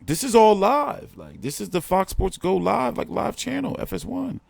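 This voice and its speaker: A man's voice: high-pitched, sing-song, normal speed, creaky, a little mellow, no echo. A man hosting a boxing show, talking in a rambling, profane, slangy way while he complains during a casual live stream. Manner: slangy street talk.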